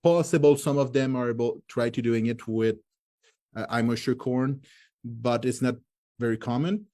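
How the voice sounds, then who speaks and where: Guest, male, thirties, French Canadian accent, native French speaker; halting English full of restarts. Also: medium pitch, darkish tone. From Quebec, Canada. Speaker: guest, forage lecturer. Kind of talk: casual interview.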